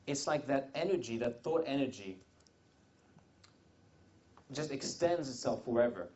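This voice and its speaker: A man leads a live seminar for a room of attendees, middle-pitched and rambling, often restarting his sentences and slipping in jokey asides. The recording is dull and lo-fi, without much crispness. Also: darkish tone. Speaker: seminar speaker. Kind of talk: live wealth seminar talk.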